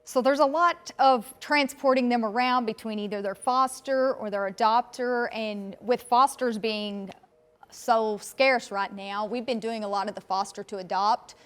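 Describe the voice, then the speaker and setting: A woman's voice: fairly high pitch, a little slow. A woman with a Southern accent, a rescue volunteer answering interview questions plainly. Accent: Southern American. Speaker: guest, dog rescue volunteer.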